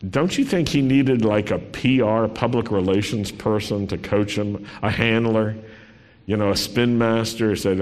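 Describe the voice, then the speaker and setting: A man's voice: fairly low pitch, a little slow, a little mellow. A man preaching a sermon in a conversational style, reading scripture aloud with dramatic expression. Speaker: pastor. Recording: long reverb in a large hall.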